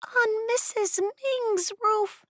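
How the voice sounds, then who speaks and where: A tiny goblin girl whispers in a thin, squeaking voice, very high and drawn out slowly. Her voice sits far above the narrator's own, hushed and tight, like an audiobook creature voice. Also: no echo, studio quality, full character voice. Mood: frightened whisper. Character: goblin girl, small and frightened.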